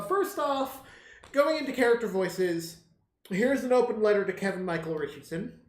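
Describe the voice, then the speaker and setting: A stream co-host chatting casually about a movie, rambling with many fillers. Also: medium pitch. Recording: echoey room.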